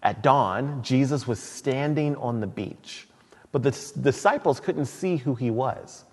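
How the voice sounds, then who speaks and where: A man preaching a sermon in a church, retelling scripture in a casual, animated storytelling way. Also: medium pitch, measured pace, long reverb tail. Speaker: pastor.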